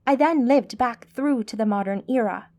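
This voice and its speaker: A woman narrator voicing a calm, formal, centuries-old female mage, in an audiobook. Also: a little high, normal speed, close to an everyday voice. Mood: composed.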